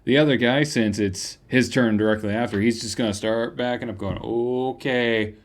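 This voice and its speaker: A young man acting as game master, talking briskly about the rules and cracking jokes. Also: lowish voice, steady tone. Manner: brisk, rules-focused, joking. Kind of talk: running a tabletop game.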